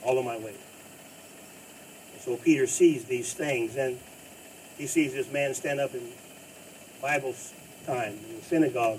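A pastor preaching a sermon in an emphatic style, rising to loud bursts and dropping low. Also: male voice, a little slow, long pauses. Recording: distant mic with faint noise.

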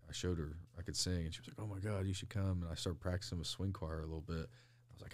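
A man's voice: sits low, fairly even intonation, quick pace, a little mellow, dry recording. A young man, a pro wrestler guest, rambling through stories in casual interview chat and laughing often.

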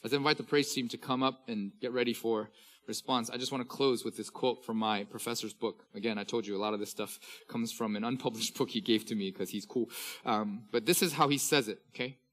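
A man in his thirties, a pastor preaching a sermon, reading scripture slowly and with emphasis. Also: medium pitch, fairly even intonation, a bit bright.

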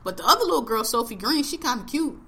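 A woman hosts a podcast reviewing a TV show, chatting casually in blunt, profane slang and laughing often. Her voice is high and sing-song, fast, pushed and bright.

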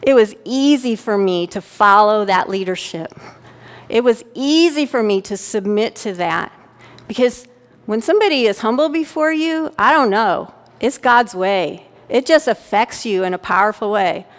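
A woman's voice: medium pitch, expressive, normal speed. A middle-aged woman giving a sermon to a congregation, talking candidly and conversationally and often checking in with her listeners. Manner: conversational, candid storytelling with frequent "right?" check-ins. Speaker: pastor's wife preaching. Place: church sanctuary. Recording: church hall with long reverb.

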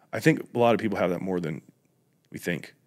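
A man hosting a podcast, talking reflectively and casually, with slang, lively when joking. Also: sits low, moderate pace. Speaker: podcast host. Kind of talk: casual conversation.

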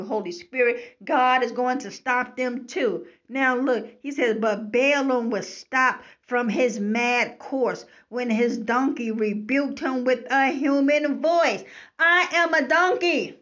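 A woman's voice: a little high, unhurried, few pauses. A woman preaching on a scripture passage, emphatic and repetitive, often checking in with the listener, heard on a slightly dull lo-fi recording. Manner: emphatic, repeats "okay?" to the listener. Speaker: Bible teacher.

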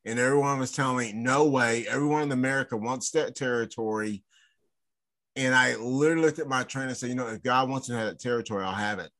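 A man hosting a faith podcast, animated and quick to laugh, breaking into preacherly asides. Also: mid-range voice. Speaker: podcast host. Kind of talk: casual interview chat.

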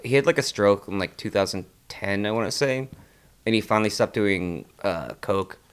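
A man's voice: fairly low pitch, moderate pace, smooth. A young man co-hosting a podcast in casual chat, talking in a laid-back way with lots of fillers. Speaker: podcast co-host.

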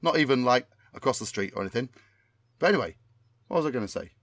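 A man's voice: mid-range voice, lively intonation, fast talker, no echo, studio quality. A man doing an impression of a middle-aged northern English entertainer with a Bolton accent, rambling in a chummy, oblivious way.

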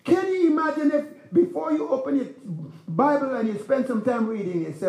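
A man's voice: extremely high pitch, expressive, normal speed, darkish tone, reverberant. A man preaching a sermon as pastor, in a conversational style with rhetorical questions to the congregation. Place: church.

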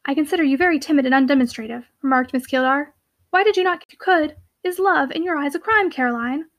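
A woman reading the part of a bold young heiress in an audiobook, lively and teasing with a commanding edge. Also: sits high, quick pace. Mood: playful.

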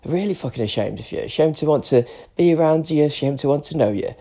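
A man's voice: a little high, animated, fast, dark tone. A British man in his forties, tearful and emotional, ranting in an unscripted solo podcast monologue and swearing often. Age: 40s. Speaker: podcast host.

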